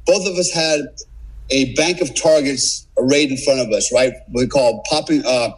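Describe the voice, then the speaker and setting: On a rough recording, an American former special forces operator recounts a war story as a podcast guest. His voice is husky and mid-range at a moderate pace, and he tells it casually and animatedly, swearing and acting out what people said.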